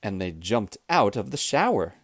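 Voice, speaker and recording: A man reading a children's storybook aloud, clear, expressive and deliberate. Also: lowish voice, no room sound, studio quality. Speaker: storybook reader.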